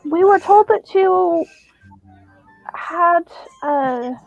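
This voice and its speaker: A woman playing a tabletop game, speaking gently and coaxingly as her character. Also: extremely high pitch, lively intonation, extremely slow, vocal fry, highs cut off, soft background music. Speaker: player.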